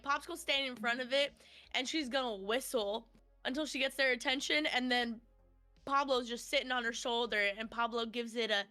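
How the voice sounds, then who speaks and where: A woman playing a tabletop roleplaying game, describing her character's actions in an excitable, playful way. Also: high-pitched. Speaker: player.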